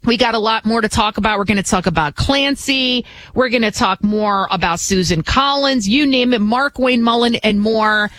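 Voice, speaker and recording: A woman's voice: a little high, normal speed, few pauses, fairly bright tone, no room sound, poor audio. Woman filling in on talk radio, opinionated and blunt, fires off her takes. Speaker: fill-in radio host.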